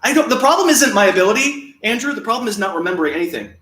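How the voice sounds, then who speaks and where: A man's voice: high voice, very animated, racing. A man hosting a casual livestream, reading viewer comments aloud with a chatty, self-deprecating manner and frequent laughter. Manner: chatty and self-deprecating, laughs often, plays and sings along on guitar. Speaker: livestream host. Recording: roomy sound with loud guitar. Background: acoustic guitar playing.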